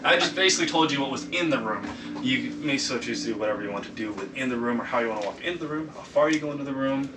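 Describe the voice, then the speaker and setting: A man's voice: mid-range voice, animated, racing, echoey room. Rambling man running a tabletop game. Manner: loose, rambling, full of ums and swearing. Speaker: dungeon master. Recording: distant mic with clear background noise.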